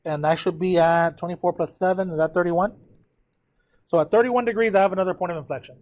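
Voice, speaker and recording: A man teaches a math class at a quick pace, his voice a little higher than most men's. He works through a problem aloud, thinking out loud, counting numbers and talking directly to the students to check in as he goes.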